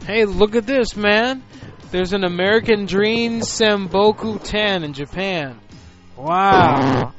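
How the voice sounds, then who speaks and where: Male radio host, pushy banter, higher pitch, muffled lo-fi recording. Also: takes it slowly, fairly bright tone. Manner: pushy, keeps tagging "man" onto lines. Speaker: radio show host making prank calls. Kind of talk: casual comedic banter. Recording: dull lo-fi recording with music behind.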